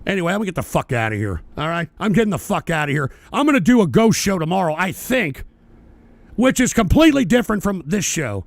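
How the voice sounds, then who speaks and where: A man hosting his own talk show, delivering an angry, profane political rant and often breaking into shouting. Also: high voice, big pitch swings, fast talker, no echo. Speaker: podcast host.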